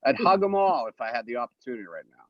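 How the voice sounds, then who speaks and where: Man, comedic debate banter, brash, profane, lively pitch, dry muffled call sound. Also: rapid-fire, background noise.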